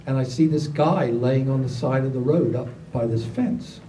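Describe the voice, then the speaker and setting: A man, telling stories to a gathering in a casual, animated way, acting out other people's lines. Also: mid-range voice, moderate pace. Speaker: storyteller at a gathering. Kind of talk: casual spoken storytelling. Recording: roomy, distant mic, faint background noise.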